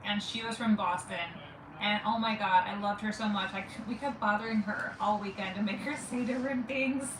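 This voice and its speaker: Brisk and steady in tone, with a medium-pitched voice, a forty-something woman from St. Louis co-hosts a watch party full of giggly, rambling chat and self-interruptions. The recording sounds distant, roomy, and noisy.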